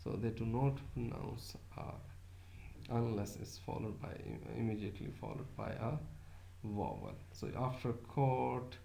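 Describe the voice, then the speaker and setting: A man's voice: lowish voice, very animated, unhurried, gravelly, warm tone, slight background noise. A man from Pakistan, giving a recorded lecture in a hesitant way, with many filler sounds and words repeated to demonstrate them. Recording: echoey room.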